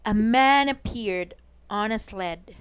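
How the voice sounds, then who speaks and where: A woman reading a bedtime story aloud in a slow, soothing, clearly spoken way. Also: medium pitch.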